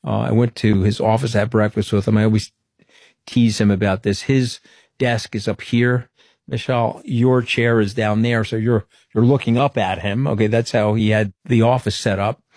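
A man's voice: fairly low pitch, moderate pace, no echo, studio quality. A middle-aged man, telling stories as an interview guest and acting out the quoted dialogue. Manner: animated storyteller, acts out quoted dialogue. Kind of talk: conversational interview storytelling.

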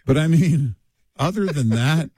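Male radio co-host from Texas, lively, expressive range, dry studio sound. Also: a little high, a little slow, slightly rough, no room sound. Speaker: radio talk show co-host. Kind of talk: casual talk radio chat.

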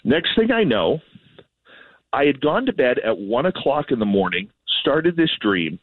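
A man from Canada, a radio host, telling an animated, self-deprecating story in casual chat. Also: mid-range voice, unhurried, husky, no room sound. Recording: tinny phone line.

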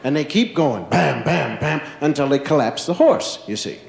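On stage, a stand-up comedian from Philadelphia, USA, tells a long childhood story as an animated storyteller, acting out the characters. His fairly high voice has vocal fry and a moderate pace, and the sound is reverberant.

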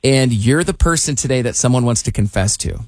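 A man's voice: medium pitch, animated, brisk, dry recording. A man hosting a morning radio show, chatty and upbeat, leading a call-in segment with a few fillers.

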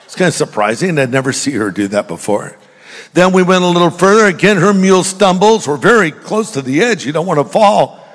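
A man's voice: fairly high pitch, expressive, a little fast. An older man preaching a sermon in a church, telling jokes and stories and speaking directly to the congregation. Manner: joking storyteller, direct with the congregation. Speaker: pastor. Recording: long reverb of a large hall.

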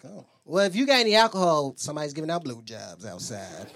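A man's voice: fairly high pitch, wildly swooping pitch, quick pace, vocal fry. A male stand-up comedian doing crude, teasing crowd work and laughing at his own jokes. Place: comedy club stage.

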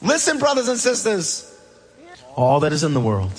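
A man preaching a sermon with passion, dropping low and soft and then rising loud. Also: huge pitch swings, normal speed. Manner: impassioned preaching, swings between hushed and loud. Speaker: pastor.

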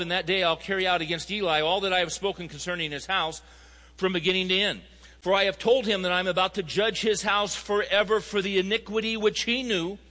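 A man delivers a sermon in a high, bright voice. He moves through stories and scripture, building to emphatic points. The sound carries a long hall reverb. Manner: storytelling, rising to emphatic appeals. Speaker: pastor.

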